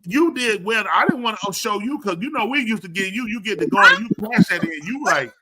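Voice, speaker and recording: A man's voice: high-pitched, animated, a little fast, bright, forceful tone, low-quality recording. A man hosting a live show, bantering playfully with a preacher-like cadence. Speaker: show host.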